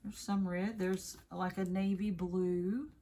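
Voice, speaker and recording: Chatty Southern woman, slow unboxing talk. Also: on the low side, little pitch movement, mellow. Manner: chatty, rambling, self-correcting. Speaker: craft video host. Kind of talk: casual unboxing chat.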